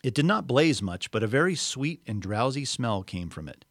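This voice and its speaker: A man reading a story aloud expressively, pausing for explanatory asides. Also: medium pitch, big pitch swings, no echo, studio quality. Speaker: reader.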